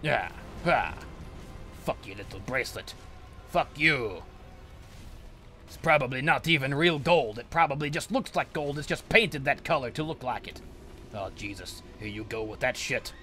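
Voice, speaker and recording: A man's voice: medium pitch, expressive, moderate pace, pauses often, pushed and bright, faint music behind. A man narrating his own gameplay in a grumpy, swearing persona of an evil sorcerer, ranting at his helpers. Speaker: gameplay commentator. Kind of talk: in-character let's play commentary.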